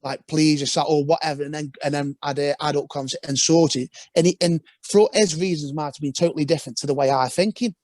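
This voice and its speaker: A man's voice: fairly high pitch, quick pace, hardly any pauses, a little mellow, no room sound. A young man, a former footballer, talking casually as a podcast guest in a rambling storytelling way with frequent restarts.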